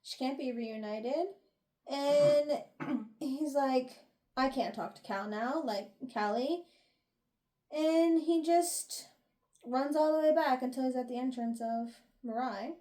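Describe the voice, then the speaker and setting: A young woman with a high, mellow voice takes her time as she co-hosts a book review podcast. In this casual recap chat she retells chapters, voices the characters' lines, and laughs a lot.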